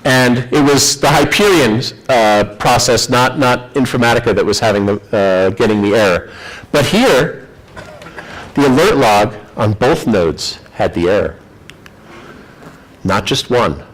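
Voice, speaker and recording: Lively man giving a tech talk. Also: medium pitch, measured pace, low-quality recording. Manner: animated storytelling, acts out quoted voices; self-deprecating, chatty. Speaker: conference presenter. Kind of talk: technical presentation.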